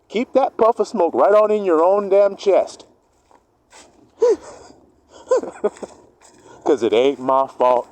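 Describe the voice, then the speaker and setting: Man, slightly high voice with wild swings in pitch, preaching a profane street sermon that acts out both sides of each argument. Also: warm tone, poor audio. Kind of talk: street-style sermon monologue.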